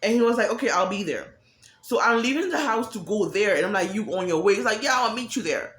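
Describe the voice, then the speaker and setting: A woman's voice: mid-range voice, animated, fast, fairly bright tone. A woman giving a candid, profane monologue about emotions, acting out quoted voices as she talks. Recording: echoey room.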